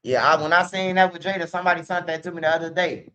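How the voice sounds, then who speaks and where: A man's voice: on the high side, fairly even intonation, quick pace, pushed and bright, a little hiss or hum. A man talking casually to the camera in a rambling, profane street manner, recorded with dull lo-fi sound.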